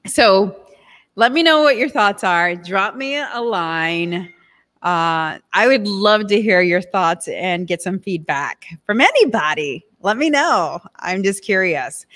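A woman's voice: mid-range voice, expressive, slow, a bit bright. A woman vlogger giving casual advice to the camera, chatty and direct, with many fillers and asides.

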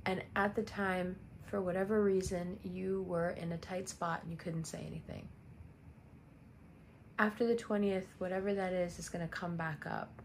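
A woman's voice: lowish voice, fairly even intonation, normal speed, slight background noise. Chatty woman giving a tarot reading. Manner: chatty, direct, repeats phrases for emphasis. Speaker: tarot reader. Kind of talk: casual astrology reading.

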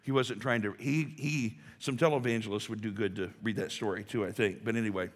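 A pastor delivering a sermon in a conversational way, building to emphatic rhetorical questions. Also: male voice, on the low side, steady tone, a little fast. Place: church sanctuary. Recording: long hall reverb.

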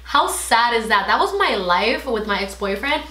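A young woman vlogger telling a personal story in casual chat, animated and swearing freely as she acts out what people said. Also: fairly high pitch, normal speed, roomy sound.

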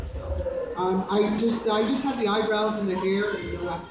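A man's voice: sits high, moderate pace, crowd noise. A man speaking casually at a convention panel Q&A, chatting with the audience. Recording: echoey hall, mic held far off.

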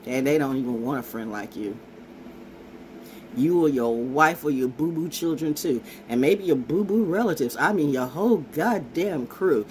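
Brash, animated woman ranting freely. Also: low voice, normal speed, slight background noise. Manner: repeats and restarts phrases. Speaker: vlogger and self-styled oracle. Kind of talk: rambling casual monologue.

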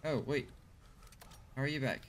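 A man's voice: medium pitch, normal speed, a little hiss or hum. A man casually commenting while he plays a video game and chats with viewers, thinking aloud as he goes. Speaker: streamer.

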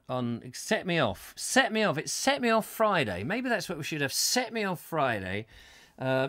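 A man's voice: fairly high pitch, fairly bright tone, dry recording, studio quality. A man hosting a live comedy chat show, rambling through viewer comments and often laughing at himself. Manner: chatty and self-mocking, often laughs and trails off with fillers.

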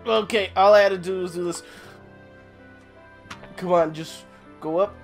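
Hoarse gravelly gamer, slow and croaky. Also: medium pitch, fairly even intonation, faint music behind. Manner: profane, talks to the game, grunts and cheers while playing. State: hoarse, voice giving out from sickness. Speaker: gaming channel host. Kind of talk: casual gameplay commentary.

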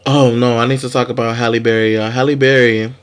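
A man's voice: medium pitch, fast, clear, resonant tone. Young male vlog host, sassy, profane gossip talk, mid-range voice. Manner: sassy, profane, animated commentary. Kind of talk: casual celebrity gossip vlog.

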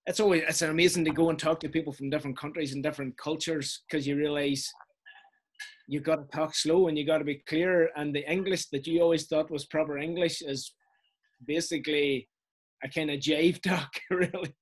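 Irish man from Donegal, slightly high voice, friendly, careful slow delivery, video call. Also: steady tone. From Ireland. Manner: friendly, talks deliberately slow and clear. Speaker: wedding photographer, guest. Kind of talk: casual video call interview.

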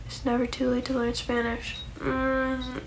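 A woman's voice: sits high, monotone, a little slow, a little hiss or hum. A young woman chatting casually on a phone livestream, rambling with lots of likes and ums and casual swearing.

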